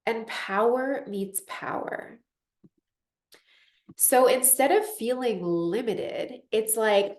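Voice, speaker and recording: A woman teaching a group call in a casual, animated way, acting out inner voices and saying "like" often. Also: medium pitch, a little slow, echoey room. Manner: animated, acts out inner voices, frequent "like" fillers.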